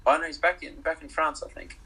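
A young man from Zimbabwe, a rugby player, chatting casually as an interview guest on a call, relaxed and hesitant with many ums. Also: on the high side, fast, husky, low-quality recording.

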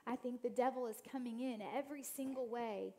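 A woman in her thirties giving a talk to a church women's group, telling funny personal stories in an animated way. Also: a little high, brisk, a little hiss or hum. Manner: animated storytelling, laughing at herself. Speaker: guest speaker.

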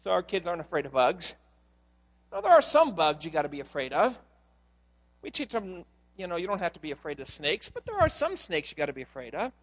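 In a sanctuary, a pastor preaches in a fairly high voice at a fairly quick clip, with huge swings in pitch. He tells stories animatedly and acts out the voices in them, while long reverb from the hall trails his words.

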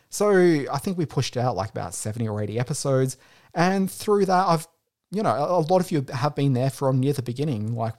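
A man's voice: medium pitch, darkish tone. A man hosting a podcast, talking in a chatty, rambling, heartfelt way, with faint music behind. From Australia. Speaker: podcast host. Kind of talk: casual podcast monologue.

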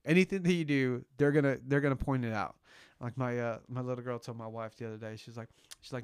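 A man's voice: medium pitch, fast talker, clean tone. A man co-hosting a parenting podcast, talking casually and often repeating words as he gathers his thoughts. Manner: relaxed, repeats words as he thinks. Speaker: podcast co-host and father. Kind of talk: casual chat.

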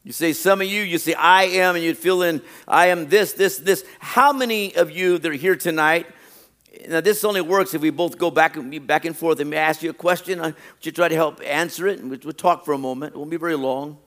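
A man's voice: fairly high pitch, fairly bright tone. A pastor preaching a sermon, repeating his phrases and stressing them with rising emphasis. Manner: reads a list slowly and deliberately.

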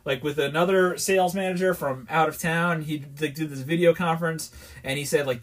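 A man's voice: a little high, fairly even intonation, a little fast. A man from New York, hosting a podcast and telling a rambling, exasperated story in a candid, casual way. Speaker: podcast host.

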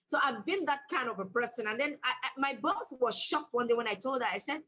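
Husky-voiced woman, emphatic. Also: sits high, expressive, fast, bright, forceful tone, rough recording. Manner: emphatic, bold, laughs often. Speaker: author and guest. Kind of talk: animated storytelling in conversation.

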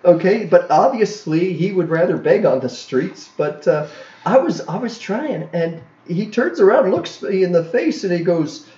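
A man's voice: high voice, expressive, normal speed, mellow, reverberant, muffled recording. A man from Canada hosting a podcast, telling crude anecdotes in a rambling way, full of fillers and restarts. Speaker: podcast host. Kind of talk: casual podcast chat.

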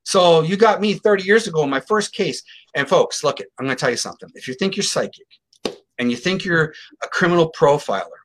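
A middle-aged man recounts a story as an interview guest, his voice bright and forceful. He talks in an animated, emphatic way, acting out the other people's lines as he goes. His voice sits a little higher than most men's. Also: fairly quick. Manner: animated, emphatic, acts out quotes. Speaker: guest psychic telling a case story.

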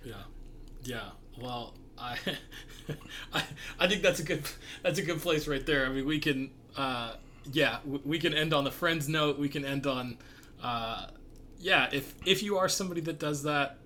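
A man's voice: a little high, measured pace, bright, forceful tone, slight background noise. A man hosting a podcast, talking earnestly and reflectively with frequent laughs. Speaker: podcast host. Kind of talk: casual podcast conversation.

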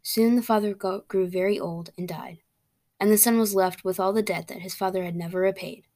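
A woman reading a fairy tale aloud as a storyteller, plain and steady, with small slips and restarts. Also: mid-range voice, a little fast.

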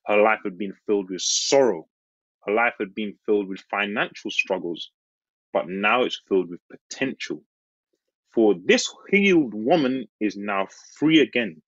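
A man delivers a sermon with a husky, slightly breathy tone and a lively, swinging pitch. He leans earnestly into his points, slowing down on key phrases. The recording is dry and a little dull. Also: no echo. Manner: earnest, slows on key phrases, laughs and jumps high acting out the disciples. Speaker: preacher.

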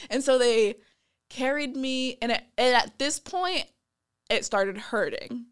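A young woman telling a story in a casual, animated way, laughing often and acting out what people said. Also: high-pitched, moderate pace, smooth.

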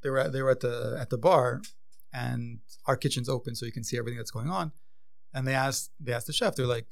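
A man who owns a vegan pub, chatting casually and telling stories, his voice often trailing off quietly. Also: medium pitch, quick pace, vocal fry. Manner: relaxed storyteller, trails off quietly. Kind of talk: casual chat.

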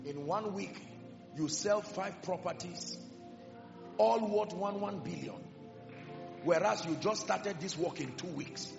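A man preaching a sermon with passion, swinging between loud declarations and hushed emphasis. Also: high voice, slow pace, vocal fry, long pauses. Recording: echoey hall with music behind, dull sound. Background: music.

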